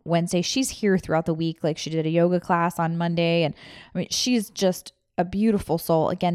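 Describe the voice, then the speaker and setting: A woman, a former veterinarian, earnestly retelling a deeply emotional personal experience in casual chat, full of restarts and rambling. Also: darkish tone, clean tone, no echo, studio quality.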